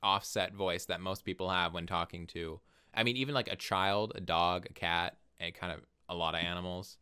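Bright, clear-voiced young man chatting. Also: normal speed. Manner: expressive, swings into high playful voices when quoting. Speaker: podcast co-host. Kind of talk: casual podcast chat.

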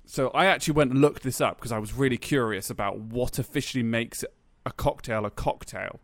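A man's voice: medium pitch, brisk, no room sound, clean studio sound. A man co-hosting a podcast, chatting casually, laughing easily and often restarting his sentences. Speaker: podcast co-host. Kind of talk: casual chat.

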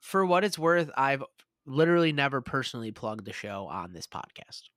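A man's voice: medium pitch, moderate pace, dry recording, clean studio sound. A young man co-hosting a casual sports podcast, joking around and swearing freely. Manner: animated, joking, swears often, laughs a lot. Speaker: podcast co-host.

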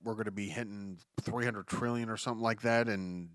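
With a lowish, fairly bright voice and fairly even intonation, a man talks a little fast on a clean, dry studio recording. He hosts a solo podcast of casual news commentary, reading stories and ranting about them in a profane, exasperated way while often restarting his sentences.

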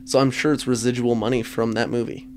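A man talks through a film recap in relaxed, profane podcast banter. He laughs often and slips into quick impressions of the characters. His voice is mid-pitched, with a faint hiss behind it. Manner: profane, laughing, acts out lines from scenes. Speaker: podcast co-host. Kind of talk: casual movie recap chat.

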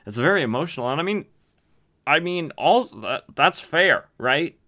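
A man's voice: on the high side, expressive, moderate pace, bright, forceful tone. A man hosting a podcast, recapping comic books in an enthusiastic, chatty way with many fillers. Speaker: podcast host. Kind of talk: casual comic book recap.

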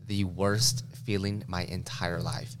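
Low-voiced young man telling a story. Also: fairly even intonation, takes it slowly. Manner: loose and slangy, heavy use of "like". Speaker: podcast co-host telling a story. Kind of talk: casual storytelling chat. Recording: noisy room recording.

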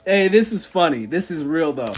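High-voiced man, laughing casual chat. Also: very animated, moderate pace, husky. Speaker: church founder. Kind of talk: casual livestream chat, answering viewers.

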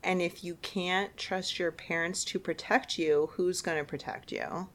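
A woman's voice: on the low side, steady tone, a little slow. A young woman co-hosting a podcast in casual chat, laughing often. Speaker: podcast co-host.

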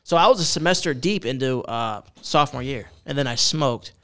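A man's voice: mid-range voice, expressive, brisk, fairly bright tone. A man in his twenties in casual chat, telling a story with lots of swearing and slang. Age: 20s.

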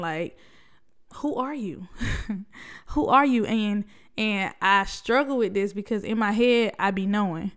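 Smooth-voiced woman podcasting solo. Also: medium pitch, a bit bright. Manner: conversational and reflective, with many fillers and rhetorical questions. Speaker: podcast host.

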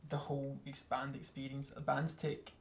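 A man's voice: medium pitch, completely flat delivery, normal speed, creaky, a little hiss or hum. A young man, a band member chatting casually in an interview, rambling with self-mocking asides.

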